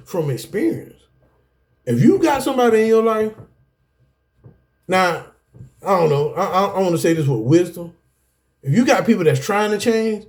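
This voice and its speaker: A middle-aged man, teaching an anger management class through his own life story. He talks in an animated, preacherly way, addressing the room as "y'all.". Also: sits high. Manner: animated, preacherly, repeats "guess what" and "y'all". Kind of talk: personal testimony lecture.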